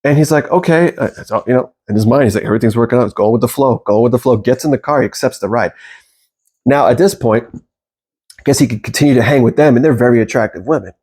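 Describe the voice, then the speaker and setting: Male coach, casual storytelling monologue, lively and profane, voices the quotes himself. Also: mid-range voice, quick pace, breathy edge. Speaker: manifestation coach.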